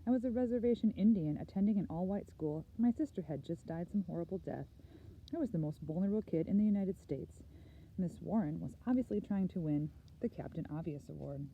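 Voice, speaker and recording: A woman reading a first-person novel aloud in an earnest, measured storytelling manner. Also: fairly low pitch, narrow, tinny audio, a little hiss or hum. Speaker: audiobook reader.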